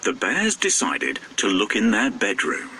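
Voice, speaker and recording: A man narrating a children's storybook in an expressive, sing-song way. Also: fairly low pitch, a little slow, slightly rough.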